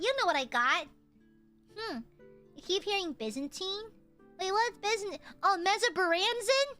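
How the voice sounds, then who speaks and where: A woman's voice: very high voice, animated, a little slow, long pauses, pushed and bright, faint music behind. A young woman streamer chatting casually and teasing her viewers in a playful, goofy way. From United States.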